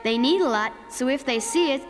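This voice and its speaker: A woman voicing a calm, wise female winter creature in a cartoon, speaking in a matter-of-fact, knowing way. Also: high-pitched, a little fast. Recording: reverberant dub with music score.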